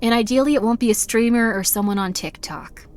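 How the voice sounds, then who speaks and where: A woman's voice: on the high side, brisk, darkish tone. A young woman streamer chatting casually while she plays, rambling with lots of fillers and self-deprecating asides. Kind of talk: casual live-stream chat while gaming.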